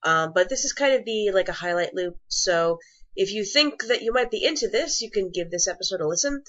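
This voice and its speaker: A woman co-hosts a casual podcast, talking in a loose, rambling way full of ums and asides. Her voice sits at a middling pitch, and the recording is dull and lo-fi. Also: expressive, a little fast, a bit bright. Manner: rambling, chatty, many fillers. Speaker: podcast co-host. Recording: muffled lo-fi podcast audio.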